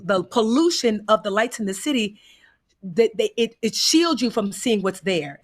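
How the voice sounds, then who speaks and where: This American guest talks casually and tells stories with plenty of energy, imitating the people she quotes and adding folksy side comments. Her voice is medium in pitch.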